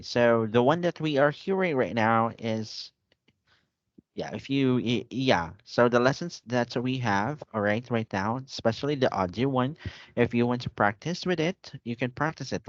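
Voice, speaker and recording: A male English teacher with a patient, repetitive way of explaining, his voice close and dry with no room around it. He speaks at a middle pitch and keeps checking that his student follows. The sound is dull and lo-fi, like audio from an online call. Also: dry recording. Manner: patient, repeats and checks with "okay?".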